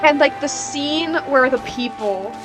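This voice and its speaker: Over music, a female streamer speaks unhurriedly in a high voice about a game. She's casual, rambling and candid, peppering her speech with "like."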